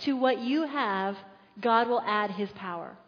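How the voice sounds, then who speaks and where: A woman's voice: on the high side, unhurried. A woman pastor, preaching a sermon and acting out the quotes as she tells the story. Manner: animated storytelling with acted-out quotes. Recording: echoey hall, dull muffled sound.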